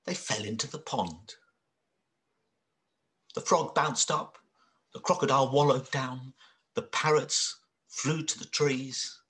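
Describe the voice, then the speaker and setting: A man telling a children's story, very expressive and dramatic, dropping to whispers and rising to cries. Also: medium pitch, takes it slowly, pauses often.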